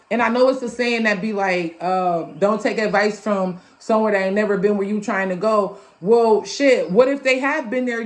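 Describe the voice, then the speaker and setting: A young adult woman, a tarot reader talking casually to her viewers in an emphatic, profane way, chanting catchphrases over and over. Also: a little high. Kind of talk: casual motivational chat.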